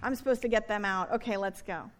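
A woman's voice: medium pitch, fairly quick, faint music behind, voice pushed down, natural voice. A woman preacher voicing God as an offhand, chatty, forgetful figure in a sermon aside. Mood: breezy. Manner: offhand, chatty, self-mocking. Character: casual absent-minded God, male, breezy.

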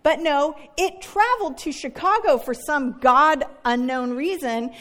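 A woman pastor in middle age delivers her sermon in a high, light voice. She is conversational and self-deprecating, often turning to the congregation with a quick "right?". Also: fairly bright tone, in a large hall. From Northern California. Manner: chatty and self-deprecating, with frequent "right?" asides.

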